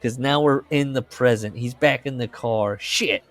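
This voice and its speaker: A man's voice: mid-range voice, measured pace. A man co-hosting a casual podcast, chatting loosely, swearing now and then, and reading passages of a story aloud. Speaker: podcast co-host.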